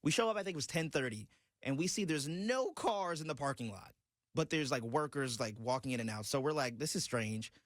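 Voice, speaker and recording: A man on a radio morning show telling a story in a casual, animated way and often breaking into laughter. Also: medium pitch, fairly quick, no echo, clean studio sound. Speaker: radio co-host. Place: radio studio.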